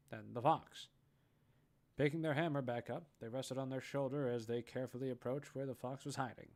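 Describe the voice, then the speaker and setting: A man narrating audition scripts aloud, reading steadily and correcting small slips as he goes. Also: medium pitch. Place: online voice chat.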